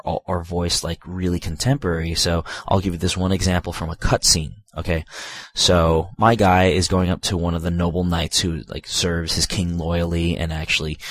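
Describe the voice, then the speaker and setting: A man giving a casual, rambling video game review, full of fillers, asides and profanity. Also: sits low.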